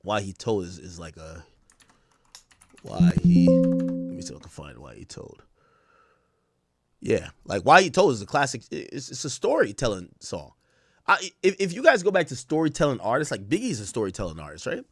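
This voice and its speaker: Animated man breaking down rap lyrics. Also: mid-range voice, husky, no room sound, clean studio sound. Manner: animated, rapid bursts, recites lyrics in a chanting flow. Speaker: streamer reacting to rap songs. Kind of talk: casual commentary reading lyrics aloud.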